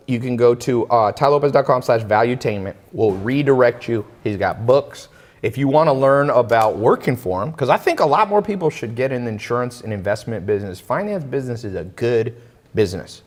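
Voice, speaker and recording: A man hosting a casual talk, telling a story in an animated way and acting out the voices of the people in it. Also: medium pitch, big-room sound. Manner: animated, acts out quoted voices. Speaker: podcast host.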